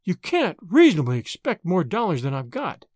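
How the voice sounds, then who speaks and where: Brief: reader playing a bold, businesslike American suitor, lively delivery, dry close audiobook sound. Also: medium pitch, normal speed, no room sound. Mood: persuasive. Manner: blunt, businesslike, persistent. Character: brash, confident young American man. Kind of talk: audiobook character voice.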